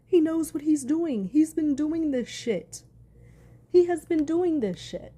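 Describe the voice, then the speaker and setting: A woman's voice: high-pitched, expressive, takes it slowly, warm tone. Furious profane woman ranting. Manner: heated, profane ranting, reads news aloud. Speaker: commentator. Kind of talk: angry vlog commentary.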